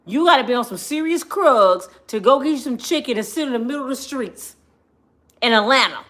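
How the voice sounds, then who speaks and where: Animated, high-voiced woman joking on a vlog. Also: a little fast. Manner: animated, slangy, laughing, joking. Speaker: vlogger. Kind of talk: comedic storytime commentary.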